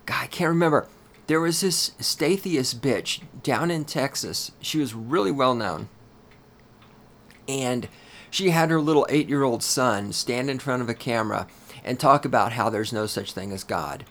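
A man's voice: a little slow, creaky. Man, podcast host, solo rant, constant swearing, heated delivery. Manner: profane, ranting, heavy swearing; loud and heated, then lower and grumbling.

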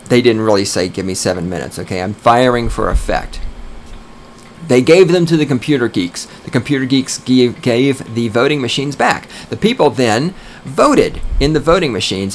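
A man in the middle of a podcast monologue, ranting with emphatic force. His pitch sits in an ordinary middle range, and he drags out words when driving a point home. Faint background noise sits under the voice. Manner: emphatic ranting, swears, slows down to stress points. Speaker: podcast host.

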